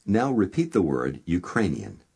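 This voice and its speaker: Deep, husky man narrating a language lesson. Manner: calm, measured instructor prompting the learner. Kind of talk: scripted instructional narration.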